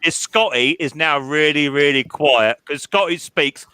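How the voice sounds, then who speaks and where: A high-pitched, bright-toned man chatting on a live stream. He jokes, trips over his words and laughs a lot. The sound is dry and close. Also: clean tone, dry recording, low-quality recording. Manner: jokey, stammering restarts, quick laughs. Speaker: host. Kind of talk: casual chat on a live stream.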